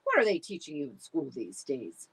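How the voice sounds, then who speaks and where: Figure: woman playing a jokey, easygoing storybook father. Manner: relaxed, teasing. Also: deep voice, normal speed, gravelly, breathy edge, heavily acted, rough recording.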